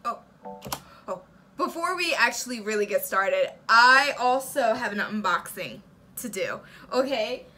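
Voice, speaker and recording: Young woman vlogger, high and bouncy, unhurried chat broken by excited gasps and squeals. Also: a little hiss or hum. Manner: gasping, squealing with excitement, breathy asides. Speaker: reaction video host.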